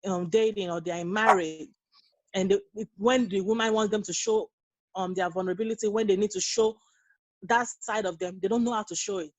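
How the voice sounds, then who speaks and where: A woman's voice: mid-range voice, fairly even intonation, a little fast, dry recording, lo-fi sound. A woman in her thirties, a guest on a podcast, talking earnestly and telling stories in a casual interview. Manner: earnest, storytelling, acts out quoted dialogue. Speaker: guest, nurse and mother.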